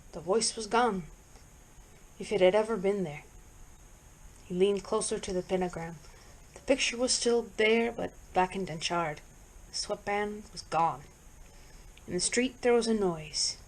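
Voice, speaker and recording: Slow, deliberate woman reading aloud. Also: mid-range voice, poor audio. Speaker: reader. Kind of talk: audiobook narration.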